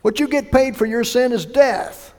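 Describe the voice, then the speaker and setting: A male pastor preaching a sermon, emphatic, swinging between loud bursts and hushed lines. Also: very high-pitched, moderate pace, big-room sound.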